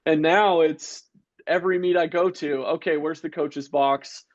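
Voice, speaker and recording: A relaxed male podcast host chats with a guest and backs him up with short affirmations. His voice sits a little high and comes through dull and lo-fi. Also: a little slow. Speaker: podcast host and jumps coach. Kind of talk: casual podcast chat. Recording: dull lo-fi audio.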